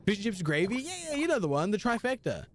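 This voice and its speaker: A man's voice: sits high, sing-song, fast talker, a little hiss or hum. A young man live-streaming a video game, chatting casually and answering his chat with slang.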